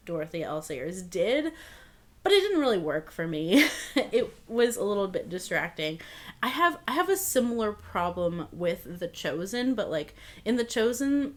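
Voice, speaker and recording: Chatty woman reviewing books. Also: mid-range voice. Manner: chatty, frequent fillers and laughs. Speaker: book vlogger. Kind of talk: casual book review chat.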